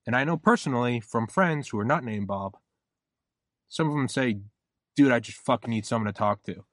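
A man's voice: medium pitch, moderate pace, a bit bright, no room sound, studio quality. A man hosting a podcast in casual conversation, rambling and acting out quoted voices as he talks. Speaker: podcast host.

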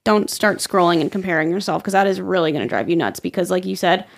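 A young woman with a Long Island accent, co-hosting an advice podcast in animated, casual chat with frequent swearing. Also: on the low side, creaky. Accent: Long Island New York. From Long Island, USA. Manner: animated, swearing, quick laughs. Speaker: podcast co-host.

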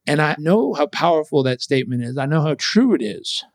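A man telling a personal story as an interview guest, animated and acting out what others said. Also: fairly high pitch, brisk, hardly any pauses, no echo, studio quality.

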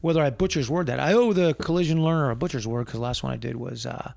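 A man's voice: mid-range voice, quick pace, creaky, a little mellow, no room sound, studio quality. A man co-hosting a casual podcast chat, rambling and often trailing off while he hunts for names. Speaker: podcast co-host.

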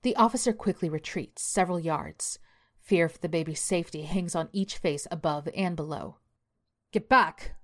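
In a lowish, measured voice, a woman reads a horror story with suspense. She moves steadily from line to line, placing each beat with care.

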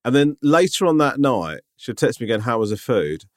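A man's voice: mid-range voice, sing-song, a little fast, no room sound, studio quality. A man in his forties co-hosting a podcast, self-mocking and exasperated, swearing freely in casual chat. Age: 40s. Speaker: podcast co-host.

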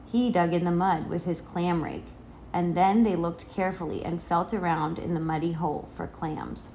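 A woman reading a children's picture book aloud in an expressive storytelling manner. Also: lowish voice, moderate pace, a little hiss or hum. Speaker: reader.

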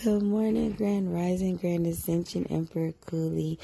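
A woman speaking up in a chat room to thank the host, earnest and grateful, with a hoarse voice that cuts in and out. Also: lowish voice, fairly even intonation, moderate pace, crowd noise. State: voice cutting in and out, hoarse.

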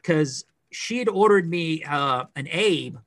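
A middle-aged man co-hosting a podcast, chatting casually in a rambling, animated way with lots of fillers. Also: on the high side, slow, no room sound. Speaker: podcast co-host. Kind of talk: casual chat.

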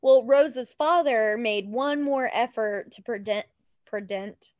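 Animated high-voiced woman telling a story. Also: slow, dry recording. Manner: animated, laughs often, stumbles over words. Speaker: podcast co-host. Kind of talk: casual true-crime storytelling chat.

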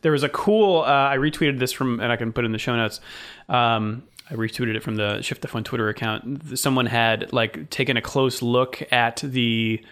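A man's voice: medium pitch, normal speed, a bit bright. A man with a mid-range voice co-hosts a podcast. He sounds keen and stumbles over repeated words as he gets going. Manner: enthusiastic, stammering restarts. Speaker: podcast co-host. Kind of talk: casual podcast chat.

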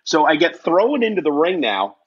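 A man telling a lively, self-mocking story as a guest in a casual interview, acting out the voices of the people in it. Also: a little high, moderate pace, slightly rough, muffled recording.

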